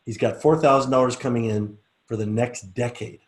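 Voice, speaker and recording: A middle-aged man with a medium-pitched voice teaches a live online class, chatting casually before slowly guiding the group through a relaxation exercise. He sounds relaxed and coaxing, speaking slowly and softly while he guides.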